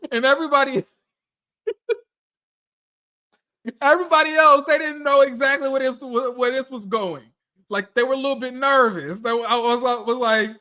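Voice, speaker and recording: Slow-talking woman dishing blunt commentary. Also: sits high, bright, forceful tone. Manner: blunt, profane, repeats phrases for emphasis. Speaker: reality TV commentator. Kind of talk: casual reaction commentary.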